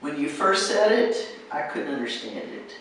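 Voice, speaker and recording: An American woman teaching pronunciation, patiently encouraging and saying words slowly to model them. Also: low voice, very animated. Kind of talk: one-on-one pronunciation coaching. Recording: echoey room, distant mic, faint noise.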